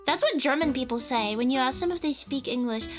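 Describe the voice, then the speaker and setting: A woman's voice: high voice, brisk, faint music behind. A young woman from the United States streaming a casual chat, rambling and giggly, often cutting herself off mid-sentence. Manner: rambling, giggly, self-interrupting.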